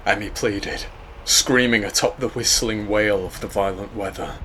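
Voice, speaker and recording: A man reading a scripted horror story in a measured, grave way. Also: on the low side, steady tone, pushed and bright, slight background noise. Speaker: narrator.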